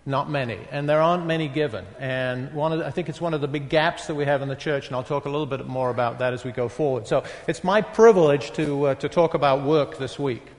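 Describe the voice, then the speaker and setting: A man in his sixties with a northeast English accent, giving a talk to a live audience in a halting, conversational way. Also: fairly high pitch. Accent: northeast English, softened by decades in the US. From northeast England. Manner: conversational, halting, with many fillers and self-deprecating asides. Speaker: guest speaker at a retreat. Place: large hall with an audience. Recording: long reverb of a large hall.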